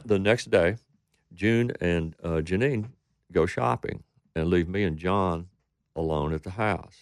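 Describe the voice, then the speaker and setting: A man's voice: low-pitched, no room sound, clean studio sound. A man from Texas, a country singer, telling rambling stories in an interview, acting out what people said. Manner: rambling anecdotes with quoted voices. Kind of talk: storytelling interview.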